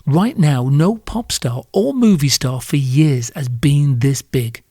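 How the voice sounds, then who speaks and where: A British man delivers a solo podcast rant, sardonic and crude, swearing freely. His voice sits at an ordinary middle pitch. It is recorded close and dry with no room sound. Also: animated, takes it slowly, mellow, slightly rough, dry recording. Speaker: podcast host.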